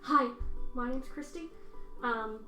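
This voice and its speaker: A woman's voice: sits high, slow, sharp tone, exaggerated voice. A woman voicing an eager young water genasi girl wizard in a put-on British accent, bubbly and a bit flustered. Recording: roomy, far from mic, music.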